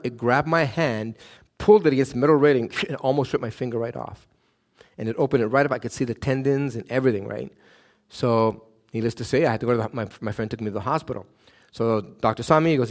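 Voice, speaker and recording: A middle-aged man from Canada preaching a sermon, telling Bible stories and a personal story, acting out the quotes and often asking "right?". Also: fast. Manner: animated, acts out quotes with raised pitch, frequent "right?". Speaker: pastor.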